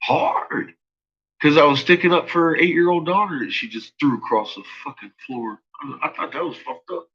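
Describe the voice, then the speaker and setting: A man's voice: fairly high pitch, normal speed, a bit bright, lo-fi sound, a little hiss or hum. A man telling a rambling personal story, swearing freely and laughing often. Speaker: vlogger.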